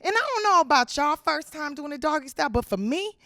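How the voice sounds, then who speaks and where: A woman doing a stand-up routine, telling a story in a loud, brash, slangy way, with crude jokes and rapid repeated lines, on a handheld stage mic. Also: sits high, lively intonation, no room sound. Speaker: stand-up comedian.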